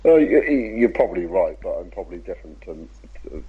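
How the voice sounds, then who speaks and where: A man, a podcast guest talking casually about racing in a measured, laid-back way with frequent fillers. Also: sits low, sing-song, narrow, tinny audio, noisy background. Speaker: podcast guest, RC car racer.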